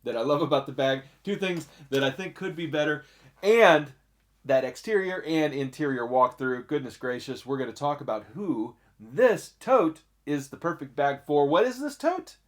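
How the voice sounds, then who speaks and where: A man hosting a one-take bag review, talking in an energetic, jokey and chatty way. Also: medium pitch, normal speed, few pauses. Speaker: host of a bag review channel.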